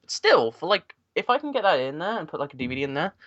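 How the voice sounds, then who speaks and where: A man's voice: fairly high pitch, big pitch swings, fast talker, fairly bright tone, no echo. A man co-hosting a podcast, rambling casually about computer hardware with lots of fillers. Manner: rambling, filler-heavy tech talk. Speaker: podcast co-host. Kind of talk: casual chat. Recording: dull lo-fi dry sound.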